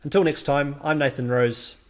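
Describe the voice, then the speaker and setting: A man, a chess coach and channel host, calmly walking through a lost game and explaining his own mistakes in a reflective, self-critical way. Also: fairly high pitch, moderate pace. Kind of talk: chess game analysis walkthrough.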